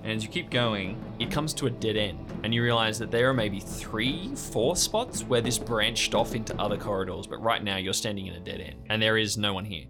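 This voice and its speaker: A man's voice: lowish voice, fairly quick, hardly any pauses, music in the background. A young man narrating a tabletop game as game master, describing scenes in a suspenseful storytelling manner.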